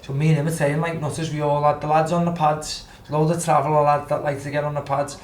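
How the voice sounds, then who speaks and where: A podcast guest tells a rambling, profanity-laced story in a fairly high, flat voice at a quick pace. The echoey room adds faint ambience, and there's a little hiss or hum.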